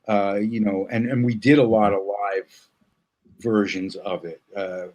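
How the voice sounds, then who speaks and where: A man speaking as a guest in a casual interview, thoughtful and halting, with many fillers and restarts. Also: on the low side, steady tone, a little mellow.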